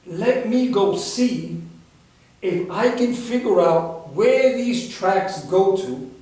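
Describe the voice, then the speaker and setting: An earnest, unsure young prince, voiced by a man telling a dharma story, speaking hesitantly in a fairly high voice. The sound is roomy, from a mic some distance off. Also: lively intonation, slow, a little mellow. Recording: echoey room, far from the mic.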